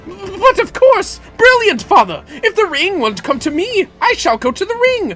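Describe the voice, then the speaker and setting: A grandiloquent, pompous gentleman adventurer from a game declaims in slow, high, sweeping phrases, as a woman puts him on. Every line is drawn out with old-fashioned flourish and lofty indignation. Soft music plays underneath. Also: very animated, full character voice. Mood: triumphant. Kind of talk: dramatic reading of game lines.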